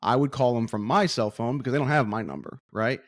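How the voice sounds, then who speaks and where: A man's voice: medium pitch, fast, no room sound. A man chatting on a podcast, swept up in his own stories and acting out the people in them. His voice sits in the middle range. The sound is dry and close, with no room around it. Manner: animated storyteller, acts out voices. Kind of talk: casual podcast chat.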